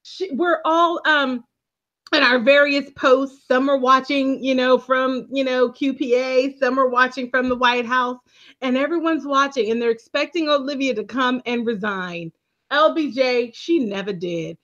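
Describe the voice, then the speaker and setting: High-voiced woman co-host, quick and emphatic, dull lo-fi audio. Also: a bit bright. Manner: emphatic and quick, laughing often. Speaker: podcast co-host. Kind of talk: casual TV recap chat.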